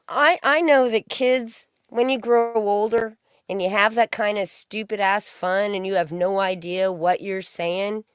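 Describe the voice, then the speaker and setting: A woman's voice: medium pitch, smooth, no room sound, studio quality. A woman hosting a stream, giving a profane, mocking commentary rant.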